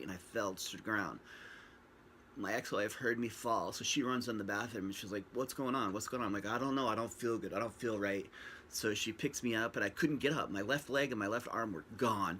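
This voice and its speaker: A man with a fairly low voice tells his own story to a camera at home, rambling and joking as he acts out what people said. He is recorded on a built-in camera mic, with a faint hiss behind him. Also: sharp tone. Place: at home, facing a screen camera.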